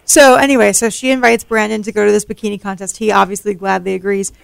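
A woman's voice: medium pitch, little pitch movement, quick pace, gravelly, clear, resonant tone, dry recording. A woman in a casual podcast chat, retelling scenes with frequent laughter.

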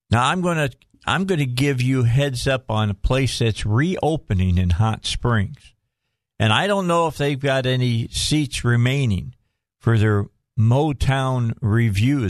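A man's voice: medium pitch, dry recording. Chatty male radio host, dry mic. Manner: joking, chatty. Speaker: radio talk show host. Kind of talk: casual radio talk. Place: radio studio. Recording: dry studio mic, faint music bed.

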